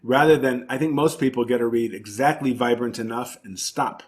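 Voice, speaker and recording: A man's voice: medium pitch, normal speed. A man, a professional oboist, talking in an interview and explaining his craft thoughtfully with emphatic repetitions. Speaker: principal oboist and oboe professor, interview guest. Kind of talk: conversational interview.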